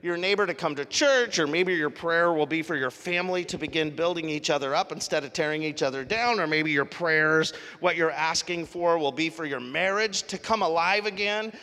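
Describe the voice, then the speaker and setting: Bright-voiced preacher in a reverberant hall. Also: male voice, fairly high pitch, moderate pace, few pauses. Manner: conversational storytelling, animated. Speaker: pastor. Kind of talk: sermon. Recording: live sermon in a reverberant hall.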